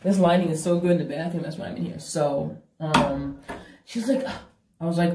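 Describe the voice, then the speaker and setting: A woman with a deep voice, speaking at normal speed, vlogs about her breakup with casual bluntness and plenty of profanity, animated throughout. The mic sits far off in an echoey bathroom, and there's a bit of hiss or hum.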